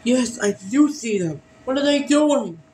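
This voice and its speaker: A man's voice: very high voice, expressive, measured pace, a little mellow, slight background noise, low-quality recording. A man voicing his own characters in a fan playthrough of a game. He reacts by asking questions over and over and repeating names. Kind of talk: fan let's-play with voiced reactions.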